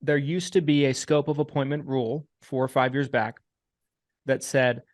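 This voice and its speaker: A man hosting a casual podcast, talking in a measured way, repeating himself and laying out points one by one. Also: mid-range voice, steady tone, no room sound, clean studio sound. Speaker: podcast host and insurance agent.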